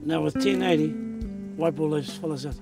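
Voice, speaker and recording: A man's voice: fairly high pitch, moderate pace, vocal fry, loud music behind the voice. A man with a New Zealand accent hosting a hunting show outdoors in the bush, upbeat and slangy, talking straight to viewers. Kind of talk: outdoor on-camera chat.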